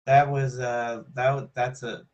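A man's voice: medium pitch, little pitch movement, a little slow, lo-fi sound. A man co-hosting a casual podcast, rambling loosely with lots of fillers and a sarcastic streak. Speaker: podcast co-host. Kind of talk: casual chat.

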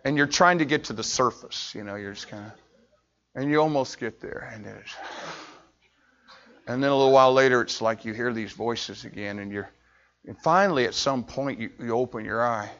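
A middle-aged American man preaching, telling a personal story with animated, acted-out voices and frequent laughter. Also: mid-range voice, normal speed. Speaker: pastor. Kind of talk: storytelling sermon. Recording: dull lo-fi recording.

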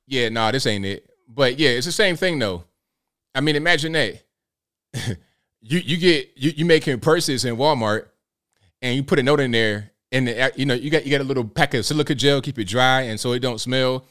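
A man's voice: mid-range voice, normal speed, a bit bright. A man hosting a live show, talking in a casual, blunt, rambling way and riffing with rhetorical questions. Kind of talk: casual livestream commentary.

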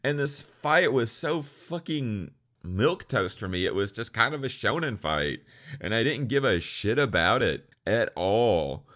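A man's voice: fairly low pitch, a bit bright. A young man giving a blunt, profane, sarcastic anime review in casual ranting commentary.

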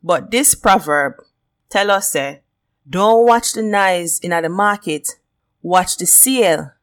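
Woman, Jamaican accent, lowish voice, lively podcast chat, patois. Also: slow pace. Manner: lively, switches into patois, laughs often. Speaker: podcast host. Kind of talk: casual solo podcast talk.

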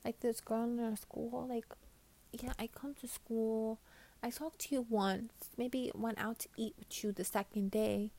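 A woman's voice: a little high, flat delivery, unhurried. Profane ranting New young woman. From New York. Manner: profane, ranting, gets loud when riled up. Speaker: vlogger. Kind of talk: casual Q&A chat.

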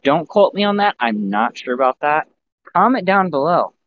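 A man in his thirties banters on a home podcast, his pitch swinging widely as he jokes and leaps into squeaky impressions. The sound is a little dull, with a faint hum of ambience behind him. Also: moderate pace. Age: 30s. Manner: animated, jokey, slips into high-pitched impressions. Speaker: podcast co-host and editor. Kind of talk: casual podcast chat.

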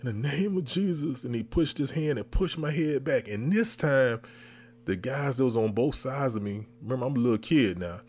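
Animated male podcast storyteller. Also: mid-range voice, moderate pace. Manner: animated, re-enacts his own reactions. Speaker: podcast host. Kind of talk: comedic storytelling.

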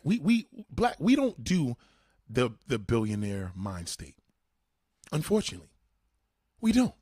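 A man's voice: medium pitch, a little mellow, slightly rough, no echo, studio quality. A man delivering a heated, profane monologue, blunt and repetitive, swearing a lot.

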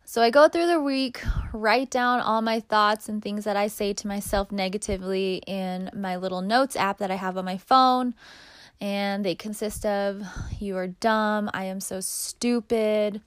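A woman's voice: medium pitch, fairly even intonation, normal speed, clean tone, dry recording, studio quality. A young woman hosting a podcast, talking candidly and casually about her own life, swearing freely. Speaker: podcast host. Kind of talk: casual personal monologue.

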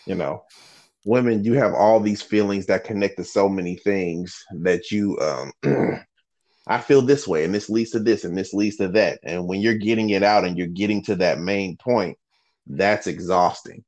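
A man's voice: low-pitched, moderate pace, darkish tone. A man hosting a podcast in casual chat, blunt and profane, laughing often. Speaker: podcast host.

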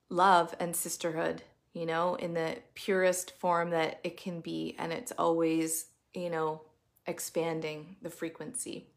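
A woman hosting a casual live talk for an online women's group, effusive and spiritual, swearing freely. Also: on the low side. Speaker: women's community coach and host.

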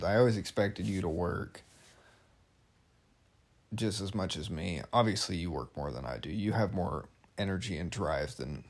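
A young man chatting casually as a podcast guest about married life, rambling and joking, with lots of fillers. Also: sits low. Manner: rambling, jokey, filler-heavy. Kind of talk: casual conversation.

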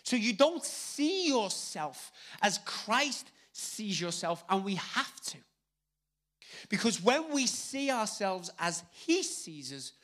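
A man with a Scouse accent preaches to a congregation, his voice sitting on the high side for a man. He talks plainly and conversationally, jumping from loud, pressing emphasis down to soft, near-whispered asides, speaking into a handheld mic. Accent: Liverpool (Scouse). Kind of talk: live sermon. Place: church hall with congregation. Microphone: handheld microphone.

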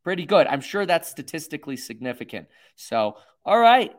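A man's voice: fairly high pitch, big pitch swings, moderate pace. A man hosting a livestream, rambling and self-mocking with lots of fillers. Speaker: host. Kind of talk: livestream commentary.

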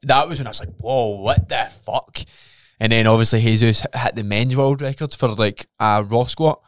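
Chatting casually on a podcast, this male co-host swears freely and acts out how he reacted as he recounts his story with lively energy. He talks a little fast in a mid-level pitch. The mic is close and the sound dry, with no room ambience.

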